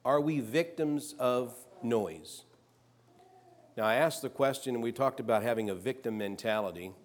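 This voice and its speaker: A man preaching a sermon, reading scripture aloud and rising louder on the quoted lines. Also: medium pitch, moderate pace.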